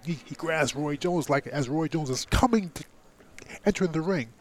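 There's slight background noise as a middle-aged man with a fairly high-pitched voice talks at normal speed. A former heavyweight boxing champ, he's a podcast guest giving a candid, profane, emphatic personal story packed with fillers.

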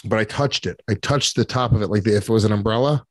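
A man's voice: fairly low pitch, fast talker, dry recording. Brief: male podcast co-host, brash and profane, close dry mic. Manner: profane, boisterous, swears constantly. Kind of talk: crude casual banter. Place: podcast studio.

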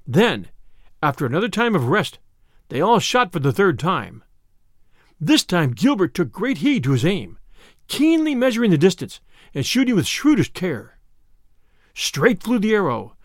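A man narrating a classic storybook tale in an expressive reading of archaic prose. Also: high-pitched, no echo, clean studio sound.

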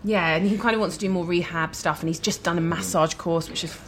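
A woman guest chatting over a restaurant meal, giggly and warm-hearted, talking easily. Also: on the low side, steady tone, fast, slight background noise. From London. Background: cutlery and dishes clattering.

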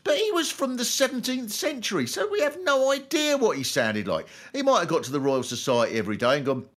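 A man's voice: sits high, a little fast. An older man hosting a comedy podcast, delivering a wry comic monologue. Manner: wry, lively, slipping into voices.

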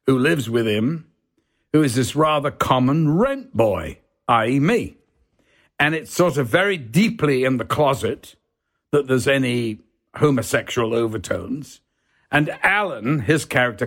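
Lively man telling anecdotes. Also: medium pitch. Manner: lively, breaks into impressions, swears freely. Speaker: guest. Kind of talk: anecdotal storytelling.

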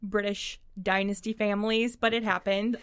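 A woman's voice: medium pitch, level tone, fairly bright tone, smooth. A woman co-hosting a podcast in casual chat, upbeat and chatty. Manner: upbeat, chatty, quick laughs. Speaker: podcast co-host.

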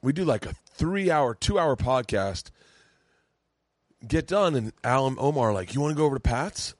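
A man hosting a podcast, telling a story in a relaxed, chatty way and swearing freely. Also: medium pitch, normal speed, dry recording. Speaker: podcast host. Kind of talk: casual chat.

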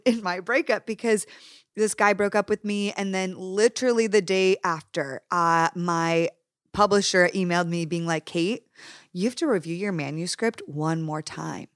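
Casting note: woman host, animated storyteller, dry close sound, middle pitch. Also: no echo. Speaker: podcast host. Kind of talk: casual conversation.

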